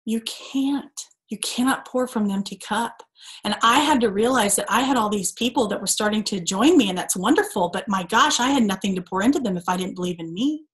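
A woman's voice: medium pitch, expressive, a little fast, a bit bright. A woman in her thirties giving an earnest, preachy motivational talk to her sales team, full of emphatic rhetorical questions. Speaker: team call speaker.

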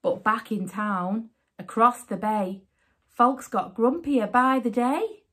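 A woman reading a rhyming children's picture book aloud as a storyteller, with an expressive, sing-song delivery. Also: fairly high pitch, takes it slowly, breathy edge.

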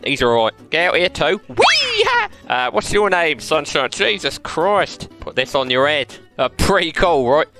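A man's voice: sits high, gravelly, bright, forceful tone. A man giving mischievous, playful commentary on a VR game while he plays, laughing often. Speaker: game streamer.

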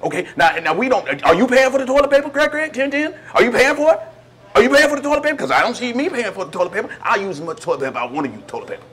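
A man's voice: fairly low pitch, lively intonation, quick pace, close to an everyday voice. A man playing a prison inmate in a sketch comedy monologue, rambling and stammering with indignation.

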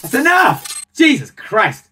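Reaction host, man, very lively pitch, music bed underneath. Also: slow pace. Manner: excitable, swings high and loud. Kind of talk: casual reaction commentary.

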